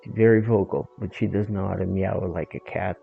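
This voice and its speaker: A man's voice: sits low, fairly even intonation, fairly quick, creaky, narrow, tinny audio, faint music behind. A male streamer chatting casually while gaming, rambling, swearing and joking.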